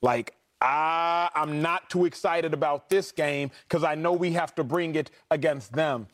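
Man hosting a sports show, emphatic and energetic, voice a little higher than usual. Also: unhurried. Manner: energetic, emphatic, steers the talk. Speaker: sports talk show host.

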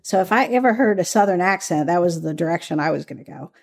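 Fast and lively in intonation, this woman has a lowish, creaky voice. A Southerner who used to work as an undercover agent, she shares her story in a relaxed interview, candid and talkative and quick to laugh.

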